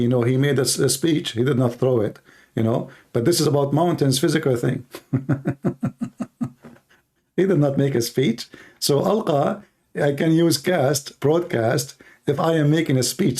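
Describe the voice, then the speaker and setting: A man's voice: mid-range voice, darkish tone. A man hosting a call-in debate, pressing his caller with repeated challenging questions. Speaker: host.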